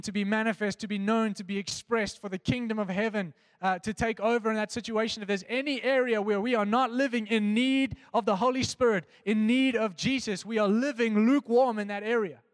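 A man preaching an earnest devotional sermon, reading scripture and dropping soft and low on key phrases. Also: dry recording, in a large hall.

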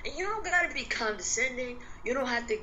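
A woman co-hosting a casual podcast discussion, speaking in a measured, reflective way with frequent "like" and "um". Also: high voice, animated, pushed and bright, dull audio, a little hiss or hum. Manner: measured and reflective, with many "like" and "um" fillers.

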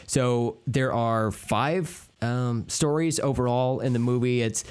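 A man co-hosting a casual podcast, talking in a relaxed, rambling way with plenty of fillers and playful asides. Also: medium pitch, takes it slowly, clean tone. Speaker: podcast co-host. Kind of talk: casual chat about horror movies.

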